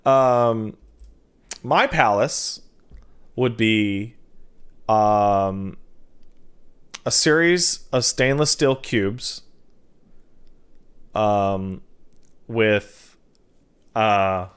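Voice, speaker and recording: A man streaming a game, chatting casually and reading out donations with jokey, quick asides. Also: fairly low pitch, animated, a bit bright, smooth.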